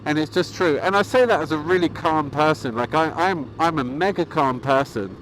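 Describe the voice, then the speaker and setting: A man vlogging about motorcycling, talking in a calm, rambling way with many fillers and restarts. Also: on the high side, normal speed, slight background noise, rough recording. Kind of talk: casual vlog monologue.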